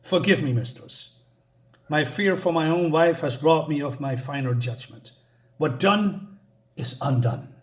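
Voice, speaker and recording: A grim male black elf warrior who speaks in stiff, archaic phrases, read aloud by a man reviewing a comic. The voice sits a little high for a man, and the reading stays close to his everyday voice. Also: animated, unhurried. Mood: solemn. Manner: formal, archaic speech.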